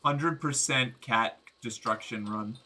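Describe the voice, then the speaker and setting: A man streaming a game, giving excitable, joking commentary with crude humor. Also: medium pitch, slow pace. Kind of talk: gameplay commentary.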